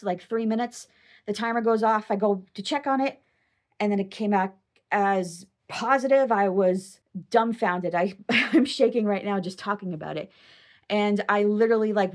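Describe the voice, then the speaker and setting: A young woman talks straight to her viewers in a casual vlog. Her storytelling is chatty, excitable and rambling. Her voice sits at an ordinary middle pitch for a woman. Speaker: vlogger. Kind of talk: casual personal storytelling to camera.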